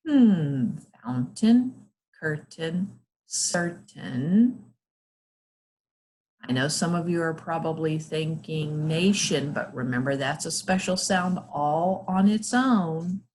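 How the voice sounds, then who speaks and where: Woman, phonics teacher, very slow careful delivery, slightly low voice, encouraging. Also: expressive, a little hiss or hum. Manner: patient, encouraging, sounds out letters slowly. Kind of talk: slow, clear teaching to young children.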